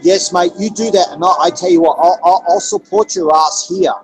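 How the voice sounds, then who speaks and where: A man's voice: sits high, steady tone, fairly quick, over music, poor audio. Blunt, swearing Australian man. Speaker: caller on a livestream. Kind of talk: casual chat.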